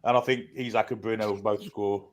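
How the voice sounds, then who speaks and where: A man giving match predictions on a football podcast in a relaxed, self-mocking way. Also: fairly low pitch, fairly quick. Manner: jokey, laughs at himself. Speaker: podcast panelist. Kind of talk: casual chat.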